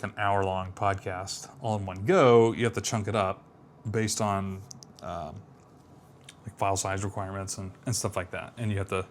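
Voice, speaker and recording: A man's voice: on the low side, a little hiss or hum. A man casually thinking aloud while building an app, muttering to himself, trailing off and making self-deprecating remarks. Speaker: app developer streaming a live build.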